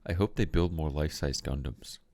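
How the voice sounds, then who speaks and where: Very deep-voiced man, blunt podcast chat. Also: fairly quick, a little mellow, no echo. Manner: blunt, swearing. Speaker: podcast co-host. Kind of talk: casual chat.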